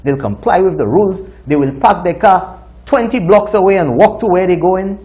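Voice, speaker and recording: A high-voiced man with a Saint Lucian accent hosts a commentary show. His delivery is indignant and scolding, with pitch swinging widely as he makes his points. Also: lively intonation, moderate pace, mellow. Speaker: talk show host. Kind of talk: opinion commentary.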